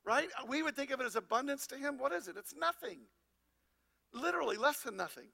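A man's voice: very high voice, expressive, brisk, vocal fry, sharp tone. A man pastor preaching a sermon, asking the congregation rhetorical questions and reading scripture aloud.

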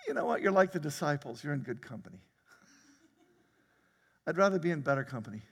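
A man preaching a sermon as pastor, talking conversationally, laughing often and breaking into sudden loud outbursts. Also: fairly high pitch, expressive, brisk, slightly rough, in a large hall. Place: church sanctuary.

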